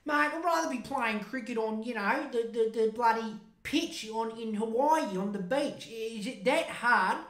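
A man doing a mocking impression of a defensive middle-aged prime minister, shouty and dragging out his words. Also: very high-pitched, unhurried, few pauses, voice pushed up. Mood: whiny. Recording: roomy echo.

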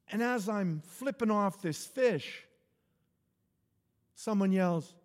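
A man, a pastor, telling a humorous personal story in an animated sermon. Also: high voice, takes it slowly, pauses often. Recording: echoey hall.

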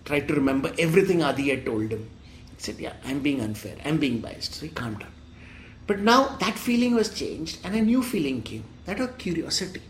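A man tells a story in a chatty, animated way, slipping in asides to the listener. His voice sits slightly high, with faint room ambience behind. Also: a little fast, a little hiss or hum. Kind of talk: casual oral storytelling.

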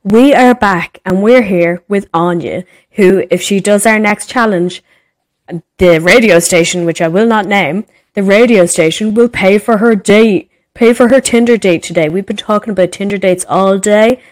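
A woman's voice: medium pitch, moderate pace, close to an everyday voice. A woman putting on the voice of a brash, showy male radio DJ hyping a live segment. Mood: hyped.

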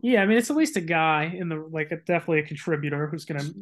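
Higher-voiced man, hedging sports chat. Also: lively intonation, racing. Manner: hedging, lots of "like" and "I mean". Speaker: podcast co-host.

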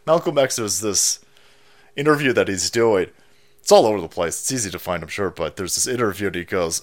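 A man's voice: on the low side, lively intonation, fairly quick. A man hosting a stream, ranting and mocking in a foul-mouthed commentary style. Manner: foul-mouthed, mocking, acts out silly voices. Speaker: streamer host.

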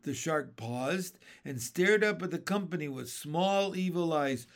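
A man reading a children's story aloud, dramatic and expressive. His voice sits a little high and swings with lively animation. He lets each line unfold slowly.

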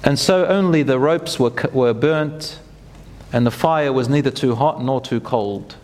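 Male preacher, animated storyteller, chants verses, reverberant hall recording. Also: medium pitch, a little slow. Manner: animated, acts out quotes, chants Quran verses. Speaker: Islamic preacher. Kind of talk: storytelling sermon.

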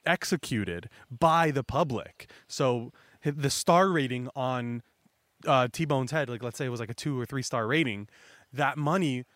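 A man's voice: medium pitch, a bit bright, dry recording. A young man hosting a casual recap chat, rambling with lots of fillers and now and then acting out characters. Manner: rambling, filler-heavy, acts out characters in raised voices. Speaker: host recapping a manga chapter.

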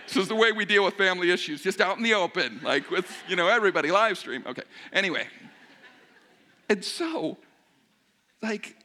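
Middle-aged male pastor, slightly high voice, very expressive, self-mocking storyteller in a sermon. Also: a little fast, pauses often, slight background noise. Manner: animated, self-mocking, joking with the congregation.

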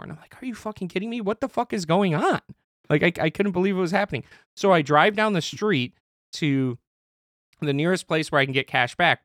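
A man with a slightly high voice hosts a casual podcast, telling a story with a lot of swearing and jumping between calm and heated. His voice is close and dry on the mic, with no room sound around it. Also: no echo. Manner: animated storytelling, frequent swearing. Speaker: podcast host.

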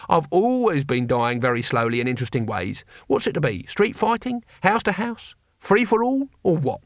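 Male narrator doing blunt old barbarian warlord, brags loud and high, very lively pitch. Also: moderate pace, dry recording, studio quality. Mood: boastful.

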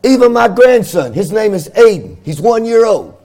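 A middle-aged male pastor with a high-pitched voice preaches fervently at a moderate pace. He is very animated, and his sing-song cadence swells into shouts.

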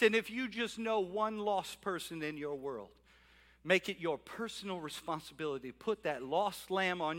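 A man preaching a sermon as pastor of his church, animated and moving between loud calls and quiet asides. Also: high-pitched, normal speed. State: out of breath at times. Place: church sanctuary.

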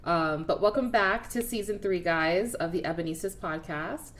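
A woman's voice: fairly low pitch, moderate pace, a bit bright. A woman co-hosting a podcast, chatting in a laid-back, rambling way and laughing often. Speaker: podcast co-host. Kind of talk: casual chat.

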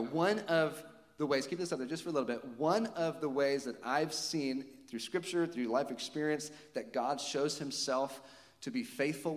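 A man's voice: mid-range voice, big-room sound. A man preaching a sermon to his congregation, conversational, with frequent rhetorical questions. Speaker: pastor.

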